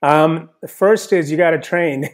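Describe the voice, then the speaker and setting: A man's voice: on the high side, a little slow. A man from south India, raised partly in the US, talking casually as a chef and author guest on an interview podcast. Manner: relaxed, thoughtful, frequent "you know".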